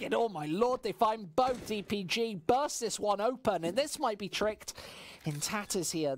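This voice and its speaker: A woman from the West Midlands calls a match with her own local accent. She chats loosely with viewers between rounds. She bursts into loud excitement whenever a big play happens. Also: mid-range voice. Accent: West Midlands English. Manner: swings from relaxed chat-reading to shouting excitement at big plays. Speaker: esports caster. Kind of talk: solo play-by-play commentary on a stream.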